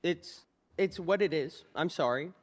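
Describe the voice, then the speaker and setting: A man's voice: a little high, a little slow. A man in casual, crude podcast banter who rambles, mocks himself and laughs often as he talks. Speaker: streamer and show guest.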